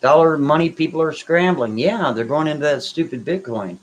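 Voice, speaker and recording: Reading his chat aloud on a live stream, a man responds to viewers bluntly, brashly and dismissively. His fairly high voice is expressive and moves at a moderate pace, captured in a low-quality recording.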